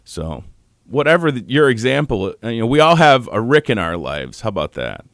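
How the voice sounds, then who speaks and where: A male radio host on his morning show, talking in a halting way and holding back tears, with pauses and restarts. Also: mid-range voice, very animated, fairly bright tone, no room sound. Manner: halting, choked up, pausing often. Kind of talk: on-air morning show tribute. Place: radio studio.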